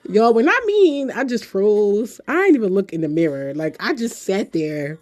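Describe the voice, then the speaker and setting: A woman's voice: medium pitch, animated, moderate pace, darkish tone. Woman, twenties, podcast host, frank profane storytelling, laughs a lot. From Philadelphia. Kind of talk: casual storytelling chat.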